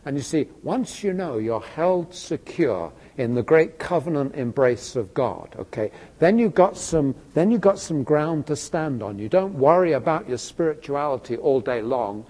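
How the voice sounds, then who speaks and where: Male lecturer, fairly high voice, animated classroom delivery with asides to students. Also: moderate pace, hardly any pauses, slightly rough. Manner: animated and conversational, with many fillers and asides to students. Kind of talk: classroom teaching with an extended illustration.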